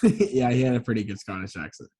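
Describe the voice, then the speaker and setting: A man's voice: medium pitch, quick pace, mellow, husky. Casual male co-host, rambling storyteller who corrects himself mid-sentence. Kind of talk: casual chat.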